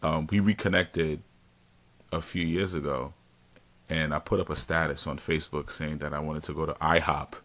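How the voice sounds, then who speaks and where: A man telling dating stories in a casual, animated and slangy way, laughing often. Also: very deep voice, normal speed. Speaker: podcast host telling stories. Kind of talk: casual storytelling.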